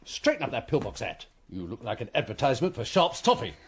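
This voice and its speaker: Pompous sergeant-major type, officious, lively swooping voice, a touch husky. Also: male voice, medium pitch, fast talker. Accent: former Cockney, now put-on posh. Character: bossy, fussy male commissionaire sergeant, middle-aged. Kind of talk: radio comedy acting.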